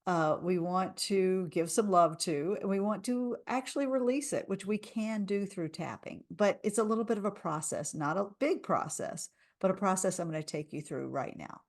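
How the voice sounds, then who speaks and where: A woman's voice: medium pitch, moderate pace, few pauses. A woman coaching a live tapping session, speaking soothing lines for listeners to repeat. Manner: soothing, leads repeat-after-me affirmations.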